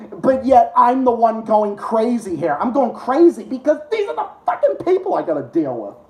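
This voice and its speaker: A man's voice: very high-pitched, sing-song, measured pace, pauses often. A man hosting a live stream, ranting to his chat with heavy swearing and sarcasm. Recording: roomy echo.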